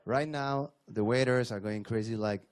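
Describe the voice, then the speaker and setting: A man's voice: mid-range voice, moderate pace. A man with a French accent doing stand-up comedy, telling self-deprecating stories in a wry way. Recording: noisy club recording.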